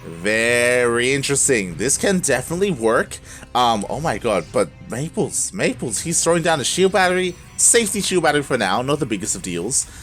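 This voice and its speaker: A man casting a live strategy game tournament, moving from calm play-by-play to loud shouting, laughing often and talking in casual slang. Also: medium pitch, moderate pace, soft background music. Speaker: esports caster.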